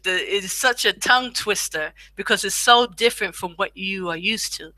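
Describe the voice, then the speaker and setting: A woman teaching a beginner language lesson, slowly repeating each phrase for practice, with chatty asides. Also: mid-range voice, bright, forceful tone, no echo.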